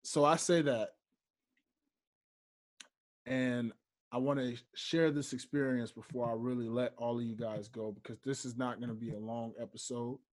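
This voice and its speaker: A young man hosting a solo podcast, speaking slowly and deliberately and stressing his key points. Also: mid-range voice, fairly even intonation. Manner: slow, deliberate, emphatic. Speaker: podcast host.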